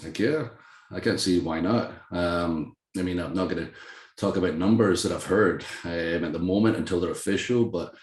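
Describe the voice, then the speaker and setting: A man with a Scottish accent, talking casually as an interview guest, telling animated self-deprecating stories and laughing often. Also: sits low, normal speed, echoey room. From Scotland. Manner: animated, self-deprecating storyteller who laughs often and acts out quoted voices. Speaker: guest, professional wrestler.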